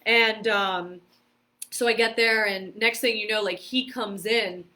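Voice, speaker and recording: A woman guest on a podcast, telling stories in a lively, casual way, laughing often and using many fillers. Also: mid-range voice, measured pace. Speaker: podcast guest, karate competitor and stunt performer. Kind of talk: casual storytelling interview.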